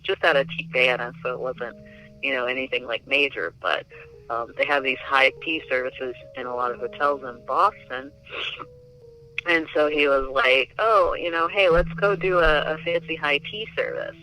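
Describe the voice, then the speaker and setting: A man's voice: medium pitch, moderate pace, bright, forceful tone, low-quality recording. A man telling a personal story in a casual, chatty way, filling his speech with "like" and "um". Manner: chatty, filler-heavy with many likes. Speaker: interviewee.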